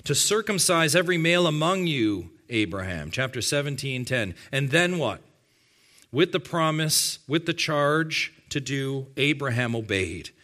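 A man preaching a sermon to his congregation, addressing them directly and slowing to stress key words. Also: mid-range voice, big pitch swings, bright, forceful tone. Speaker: pastor.

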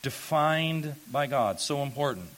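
A male pastor preaching an expository sermon who asks the congregation rhetorical questions, rising loud on key points and then dropping low and soft. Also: lively intonation, unhurried.

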